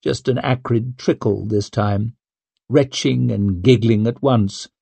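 A man reading an audiobook as narrator in a measured, even manner. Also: medium pitch, creaky, breathy edge, no echo. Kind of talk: scripted narration.

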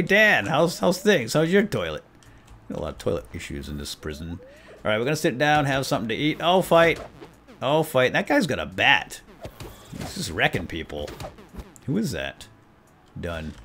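Excitable man narrating gameplay. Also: mid-range voice, moderate pace, slight background noise. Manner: excitable, jokey, reads game text aloud. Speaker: let's play host. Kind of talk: gameplay commentary.

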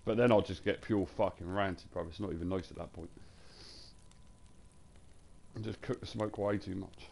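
A man's voice: sits low, fairly even intonation, normal speed, creaky, pauses often, a little mellow, slight background noise. A man, chatting casually on a live stream in a blunt, slangy way that is full of swearing.

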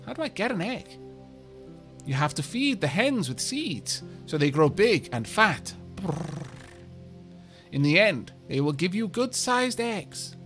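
A shivering villager from a frozen world in a video game, as a man reads the lines aloud. He explains things with little brrr shivers and a bright, high-pitched lilt. Faint music plays behind. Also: big pitch swings, a little slow, full character voice. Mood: eager. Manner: shivers with brrr sounds, instructive.

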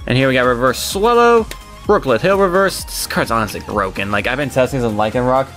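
A man co-hosting a casual card-opening chat, excitable and quick to laugh and groan. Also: mid-range voice, soft background music. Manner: excitable, laughs loudly and groans at his co-host's jokes. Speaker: co-host opening trading cards.

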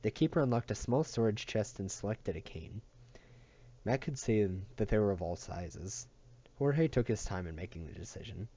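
Man, reading a novel aloud, low voice, mellow tone, slips and restarts, dull lo-fi recording. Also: animated, normal speed. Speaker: audiobook reader.

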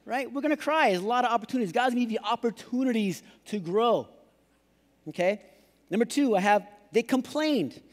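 High-voiced pastor preaching in a hall. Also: male voice, fairly quick. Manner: playful, acts out excuses in put-on voices. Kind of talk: sermon. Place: large church hall. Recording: live church hall reverb.

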